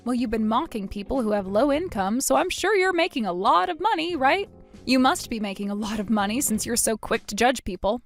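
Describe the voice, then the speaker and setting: A woman storyteller with a fairly high voice, cool and cutting, narrating her own story in the first person. Her delivery stays measured and composed. Light music sits faintly underneath. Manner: cold and cutting in dialogue, calm in narration.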